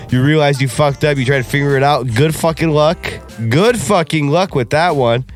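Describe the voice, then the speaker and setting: A man's voice: a little high, normal speed, faint music behind. A young man co-hosting a podcast, talking in crude, profane banter and laughing often. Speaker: podcast co-host.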